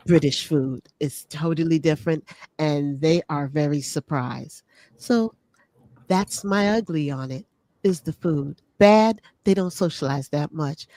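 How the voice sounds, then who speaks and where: A woman's voice: deep voice, dark tone, dry recording. A woman co-hosting a casual talk show, giving chatty, emphatic opinions about travel. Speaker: co-host. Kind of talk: casual travel review chat. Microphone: streamed call.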